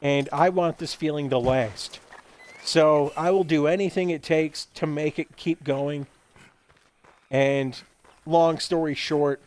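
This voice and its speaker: A man hosting a gaming video, telling a rambling, absurd story in a deadpan way and acting out quoted lines in voices. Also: a little high, a little hiss or hum. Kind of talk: rambling comedic monologue while gaming.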